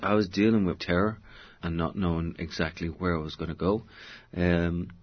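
Deep husky Irish man, rambling storyteller. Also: little pitch movement, normal speed, muffled recording. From Ireland. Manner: expansive, digressive storyteller with many fillers. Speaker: novelist guest. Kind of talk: conversational interview answers.

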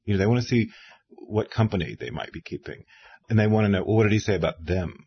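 Speaking fast at a fairly low pitch, a man in his fifties who works as an interviewer and author spins stories in relaxed conversation, lively and imitating those he quotes. The audio is muffled, with slight background noise.

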